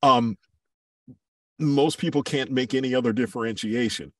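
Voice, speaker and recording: A man who works as a voiceover artist and coach, speaking as a podcast guest in a measured, reflective way and giving examples. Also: medium pitch, fairly bright tone, no echo, clean studio sound, distant mic. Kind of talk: podcast interview, thoughtful conversation.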